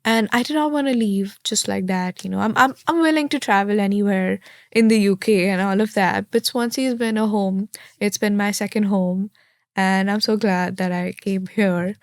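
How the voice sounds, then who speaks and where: A woman's voice: medium pitch, fairly even intonation, moderate pace, dry recording, clean studio sound. Candid young woman from India. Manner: chatty and candid, acts out quoted thoughts. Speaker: interviewee, law graduate. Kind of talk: casual interview answers.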